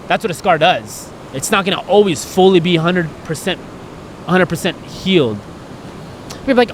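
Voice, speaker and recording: Earnest male podcast co-host, rambling and emotional, slightly high voice, faint background hiss. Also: moderate pace. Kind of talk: candid podcast conversation.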